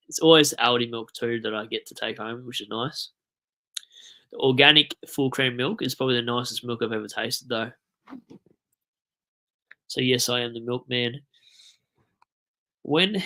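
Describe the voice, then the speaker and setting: Young australian man, livestream chat, bright tone, stuffy nose, swears a lot. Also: mid-range voice. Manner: swearing, rambling, animated outbursts. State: blocked nose. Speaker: livestream host.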